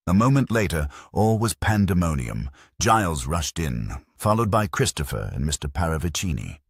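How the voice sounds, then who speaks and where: A man reads a mystery novel aloud in a measured, dramatic way. His voice is extremely deep and husky, with a lively, wide-ranging delivery. The recording is dry and close. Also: dry recording. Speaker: narrator. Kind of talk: audiobook narration.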